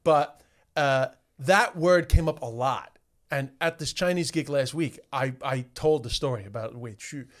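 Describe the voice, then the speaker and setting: A man, a comedian guest telling a story in casual chat, animated, swearing freely and often restarting his sentences. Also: mid-range voice, unhurried.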